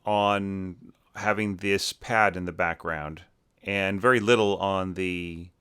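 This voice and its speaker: A man with a fairly low but bright, forceful voice talks through a student's orchestral score. He thinks aloud, keeps checking in with "right?", and sometimes sings rhythms on nonsense syllables. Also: steady tone, slow, smooth. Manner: thinking aloud, many fillers and tag questions. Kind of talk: casual spoken critique.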